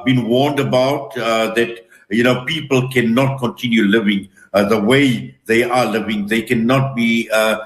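A man hosting a broadcast panel discussion, speaking in a measured, reflective way with frequent pauses. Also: mid-range voice, roomy sound, poor audio. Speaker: host.

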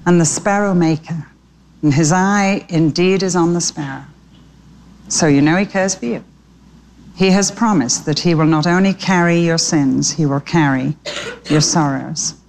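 An older woman preacher telling a story in a sermon, making gentle, slow, earnest appeals. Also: deep voice, slight background noise.

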